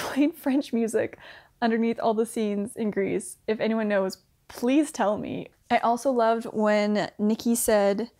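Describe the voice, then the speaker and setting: Speaking at a medium pitch with a slightly mellow tone, a young book reviewer talks through a TV series in relaxed conversation. "Like" turns up constantly, and small laughs punctuate her chatty remarks.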